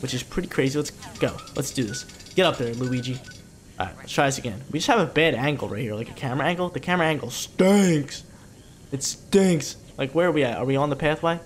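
A man giving playful, excitable commentary over a video game walkthrough. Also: medium pitch, fairly quick, a little hiss or hum. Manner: excitable, playful hype talk. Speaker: gaming commentator. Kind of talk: let's play commentary.

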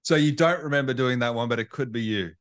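A man leads a relaxed interview with short, friendly questions. He laughs easily at his guest's stories, and his voice sits at an ordinary middle pitch. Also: fast talker, a little hiss or hum. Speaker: interview host. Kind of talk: casual interview chat.

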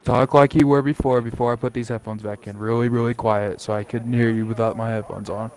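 A man's voice: medium pitch, fairly even intonation, fairly quick, darkish tone. A man streaming a video game with a friend, chatting casually on a headset, swearing and complaining about how his friend's voice sounds. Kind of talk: casual gaming chat.

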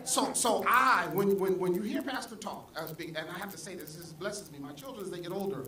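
A male pastor preaching a sermon, swinging from soft asides to loud exclamations. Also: high voice, brisk, distant mic, a crowd in the background. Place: church sanctuary. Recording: echoey church hall, mic from afar, congregation audible. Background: congregation.

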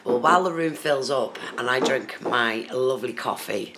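Speaking at an ordinary pace in a medium pitch, this host chats loosely on a phone live stream and greets chat viewers by name. The audio comes from the phone camera's microphone, with a roomy sound and slight background noise.

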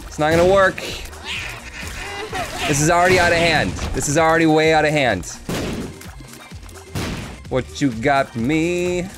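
A man's voice: on the high side, unhurried, long pauses. A man hosting his own gaming channel, chatting jokily through a let's play. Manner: excitable, jokey, chatty with the game. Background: game music.

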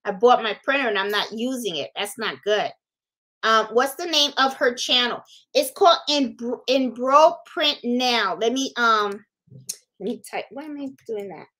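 A woman's voice: a little high, moderate pace, a bit bright. Chatty woman hosting a craft livestream. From Puerto Rico. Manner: chatty, thinks aloud, greets viewers by name. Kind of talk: casual live-stream chat.

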